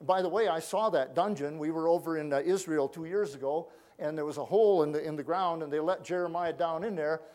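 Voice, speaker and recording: A man preaching a sermon, telling stories and acting out the quoted voices, often dropping to quiet asides. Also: on the high side, a little fast, hardly any pauses. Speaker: pastor.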